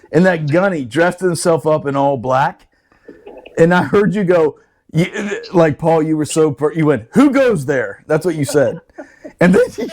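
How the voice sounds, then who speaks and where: A man hosting a podcast, telling profane old service stories in casual chat and laughing often. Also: high voice. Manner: laughs often, acts out quotes; profane, animated banter. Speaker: podcast host.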